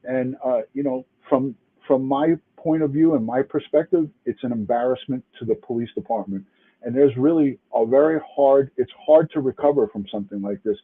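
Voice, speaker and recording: Heard on a tinny, phone-like line, this man has a husky mid-range voice at normal speed. He's a retired NYC police detective giving livestream commentary, emphatic and angry, swearing and starting over as he addresses the chat.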